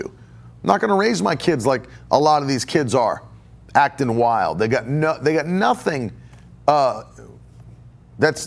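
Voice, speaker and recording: A man's voice: a little high, vocal fry. A middle-aged male pastor preaching on a podcast in a slightly raised voice. He hammers home each point by repeating it, and he stops to take questions from listeners. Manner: emphatic, repeats phrases for stress; takes viewer questions live. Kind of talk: podcast sermon.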